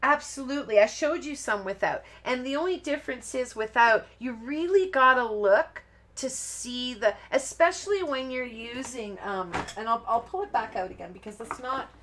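A woman's voice: on the high side, expressive, normal speed, fairly bright tone, a little hiss or hum. Chatty woman hosting a craft demo. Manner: chatty, rambling, self-interrupting, laughs at herself. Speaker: crafting tutorial host. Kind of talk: live-stream craft demonstration.

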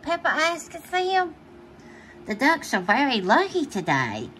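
Lively high-pitched woman reading a storybook. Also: slow pace, a little hiss or hum. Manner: animated, playful, laughs often. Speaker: storybook reader. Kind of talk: reading a picture book aloud to children.

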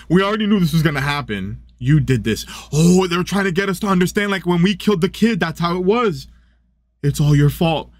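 Excitable high-voiced young man gaming. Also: dry recording. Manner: excitable, coos and gasps, chatty asides. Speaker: gaming channel host. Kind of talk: let's play commentary.

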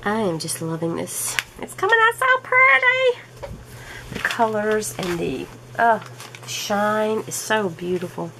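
A woman chatting casually at home while she crafts, slow and easygoing, laughing often, her throat a little rough from allergies. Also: mid-range voice, sing-song, noisy background. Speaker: diamond painting vlogger.

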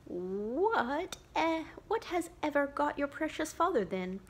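A woman reading aloud and voicing a harried, warm-hearted mother of a poor family, brisk and fussing in a raised voice. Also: high voice, big pitch swings, pitched above the performer's own voice, heavily acted. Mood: fretful.

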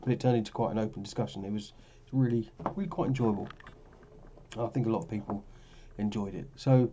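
The vlogger's low voice moves at a quick pace through his trading charts in a casual screen-share, tired and rambling, with frequent self-corrections. The highs are cut off and there's a noisy background behind him.

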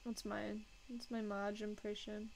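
A woman's voice: medium pitch, level tone, measured pace, a little hiss or hum, low-quality recording. A woman casually chatting and joking at her own expense while she draws on a live stream. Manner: self-mocking, joking, laughs often.

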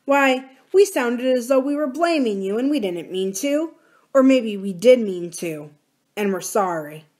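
A woman reading aloud as an earnest grown brother who speaks quickly and tries to make peace. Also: on the high side, lively intonation, darkish tone, voice pushed up. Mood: conciliatory. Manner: quick and conciliatory.

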